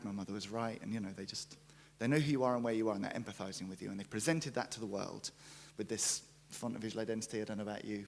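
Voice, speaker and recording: A young man giving a conference talk, jokey and lively, acting out quotes as he tells stories. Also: on the low side. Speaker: conference speaker, brand writer. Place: conference stage.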